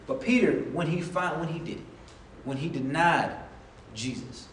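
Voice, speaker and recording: A man's voice: on the high side, normal speed, a little hiss or hum. A man preaching a sermon in a conversational way, often acting out the voices of the people in his stories. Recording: echoey room, voice from a distance, faint ambience.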